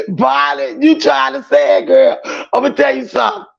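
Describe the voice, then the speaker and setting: A man's voice: extremely high pitch, normal speed, vocal fry. A man hosting a livestream, chatting emphatically with his viewers and reading their comments aloud. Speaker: livestream host. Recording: dull lo-fi stream audio.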